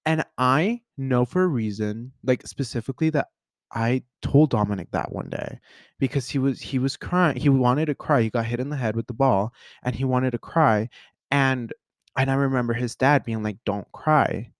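A man's voice: mid-range voice, moderate pace, no room sound. A man hosting a casual solo podcast, talking in an earnest, rambling way full of fillers and restarts. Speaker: podcast host.

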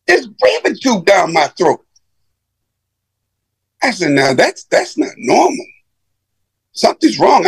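A man's voice: sits high, vocal fry, husky. A middle-aged man giving an emotional personal testimony to an audience, telling it dramatically and calling his listeners brother. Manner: dramatic storyteller who addresses listeners as brother. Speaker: speaker giving manhood training.

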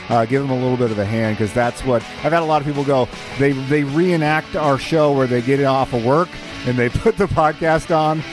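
A man's voice: medium pitch, steady tone, fairly quick, hardly any pauses, music in the background. A man co-hosting a podcast, chatting in an easygoing way. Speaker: podcast co-host. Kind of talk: casual podcast chat.

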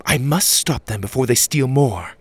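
A man's voice: mid-range voice, expressive, normal speed, breathy edge, pitched above the performer's own voice. A man voicing a serious young female temple guardian in a children's story, with formal, clipped and urgent speech. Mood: grave. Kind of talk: storybook character reading.

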